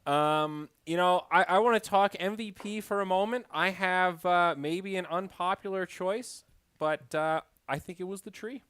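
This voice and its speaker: A man commentating an esports match play by play, with quick excited calls and jokey asides. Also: sits high, smooth, dry recording.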